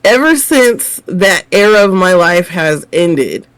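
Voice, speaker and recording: A woman co-hosting a casual TV review chat, emphatic and opinionated, quick to agree. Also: on the low side, expressive, clear, resonant tone, rough recording. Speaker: co-host of a TV review show.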